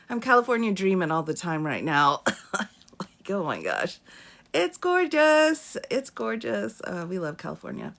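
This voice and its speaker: Through a phone or webcam mic, a woman attorney runs a casual live Q&A stream, reading comments, welcoming viewers by name, and laughing a lot. She speaks a little slowly in a medium-pitched, fairly bright voice with vocal fry and huge pitch swings.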